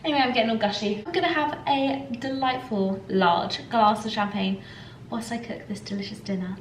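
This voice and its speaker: A woman's voice: on the high side, normal speed, slight background noise. Chatty young woman vlogging at home. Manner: chatty, gushing, upbeat. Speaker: lifestyle vlogger. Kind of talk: casual vlog chat. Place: home, indoors. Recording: echoey home room with faint ambience.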